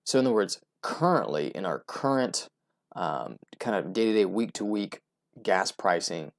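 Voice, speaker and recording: An American man from the United States comments on oil prices by himself, sounding casual and loose, with plenty of fillers, restarts and "right?" asides. He works as an oil and gas investment commentator, and his voice is low, with lively intonation and a moderate pace.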